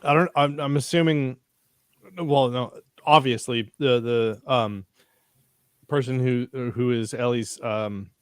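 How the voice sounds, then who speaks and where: A man's voice: medium pitch, fairly even intonation, measured pace, clear, resonant tone, no room sound, clean studio sound. A man in casual chat, rambling with restarts and casual swearing. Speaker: podcast co-host. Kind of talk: casual chat about a TV episode.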